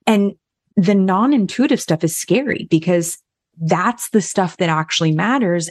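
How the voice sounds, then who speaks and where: Low-voiced female podcast host and counselor; candid, casual, dry close sound. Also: no echo. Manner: frank and candid, swears casually. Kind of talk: conversational podcast advice.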